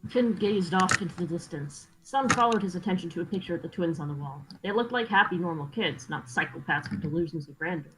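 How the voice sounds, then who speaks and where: A woman's voice: lowish voice, fairly quick, few pauses, over music, rough recording. A woman co-hosting a casual book reading, reading narration aloud and joking between passages. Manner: laughs easily, jokes between passages. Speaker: co-host reading a novel aloud.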